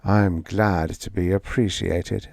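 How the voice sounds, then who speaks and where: A man reading the lines of a tense young woman captain in a science fiction story, sounding urgent and then falsely calm. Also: sits low, takes it slowly, gravelly, no room sound, studio quality, exaggerated voice.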